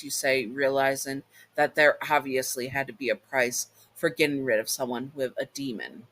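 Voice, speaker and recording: Bright-voiced man narrating a fan story. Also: mid-range voice, steady tone, moderate pace, hardly any pauses. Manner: casual, stops to correct slips aloud. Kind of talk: second-person fan audio story narration.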